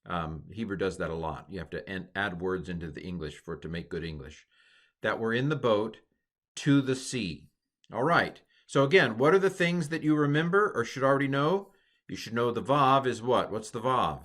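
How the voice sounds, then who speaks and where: Male teacher, low voice, patient quizzing tone, recorded lesson. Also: expressive, a bit bright. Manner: patient, quizzing tone with pauses for the learner.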